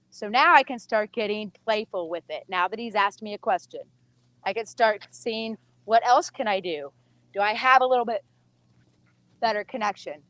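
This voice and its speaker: A woman's voice: fairly high pitch, expressive, moderate pace, fairly bright tone, no echo, poor audio. Chatty woman coaching a horse. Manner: chatty, coaxing praise to the horse. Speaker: horse trainer. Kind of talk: casual teaching while working a horse.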